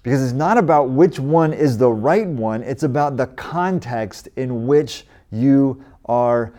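A man's voice: mid-range voice, measured pace, dark tone. A man in his forties from the United States preaching a sermon in a conversational way, lifting his voice when he quotes scripture. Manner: conversational, rising with emphasis when quoting scripture. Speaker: pastor.

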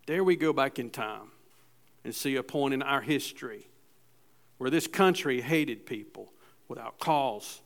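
A man's voice: mid-range voice, lively intonation, a little slow, gravelly. A middle-aged man preaching a sermon in church, speaking in a conversational way with restarts and acted-out asides. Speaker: pastor.

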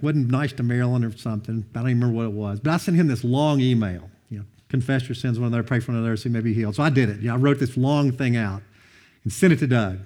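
A middle-aged man preaching a sermon, telling personal stories with an animated, storytelling delivery. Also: a little high. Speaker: pastor.

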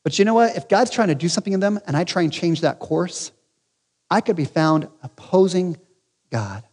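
A man's voice: high-pitched, expressive, moderate pace, in a large hall. A man preaching a sermon as pastor, emphatic with rhetorical questions and humorous asides. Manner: emphatic, rising to loud peaks with rhetorical questions.

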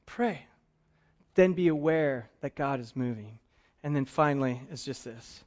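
A man's voice: mid-range voice, lively intonation, unhurried, a little mellow, dull audio. A middle-aged male pastor preaching a conversational sermon, acting out both sides of dialogues with self-deprecating humor. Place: church service.

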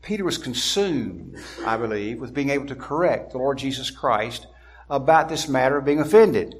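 A man preaching an expository sermon, deliberate and emphatic, slowing down to stress key words. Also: medium pitch, expressive.

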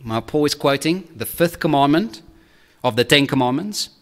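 A man's voice: lively intonation, normal speed. Earnest male pastor preaching. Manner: earnest, checks in with frequent "okay?" and "right?"; swings to high, louder emphasis on key points. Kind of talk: sermon.

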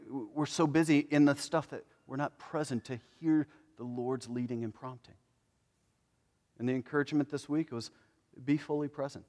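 Man preaching in an echoing hall. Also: medium pitch. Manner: conversational preaching, swings from emphatic to hushed. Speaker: pastor. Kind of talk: sermon. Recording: long reverb of a large hall.

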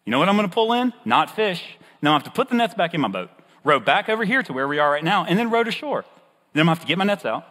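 A preacher acting out a reluctant, excuse-making fisherman, his husky voice jumping high in comic disbelief. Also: very animated, a little fast, a bit bright, full character voice. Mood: incredulous, excuse-making. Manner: incredulous, pitch jumping high, comic pleading. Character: fisherman Simon, animated young man, reluctant and excuse-making. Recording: husky voice in a reverberant hall.

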